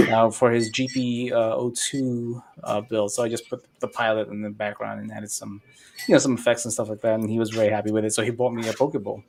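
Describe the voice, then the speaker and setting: A man hosting a casual livestream chat, rambling with many fillers and breaking into loud silly bits. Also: on the low side, level tone, a little fast, gravelly, a little hiss or hum. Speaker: livestream host.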